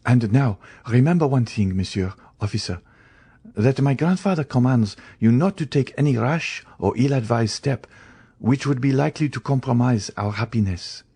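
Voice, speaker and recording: A man voicing an anxious, gentle young woman who speaks urgently and pleadingly, read in an audiobook. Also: medium pitch, moderate pace, husky, pitched above the performer's own voice. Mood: earnest. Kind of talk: audiobook character reading.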